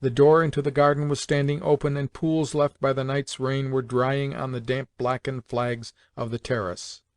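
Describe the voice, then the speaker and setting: A man narrates a classic novel in audiobook style. His reading is measured and even, in a middle register. The recording is dry, with little room sound. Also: mid-range voice, no room sound.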